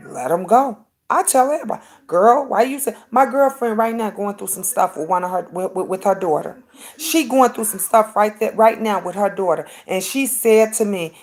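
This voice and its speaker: A woman, hosting a casual livestream chat, emphatic and preachy, talking straight to her viewers. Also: fairly high pitch. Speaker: livestream host.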